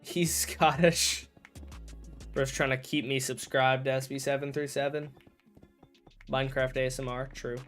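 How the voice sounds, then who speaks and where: A man's voice: mid-range voice, flat delivery, a little slow, long pauses, fairly bright tone, faint music behind. A man streaming a game and chatting casually, rambling and correcting himself as he talks, with jokey mock outrage. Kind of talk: casual livestream chat while gaming.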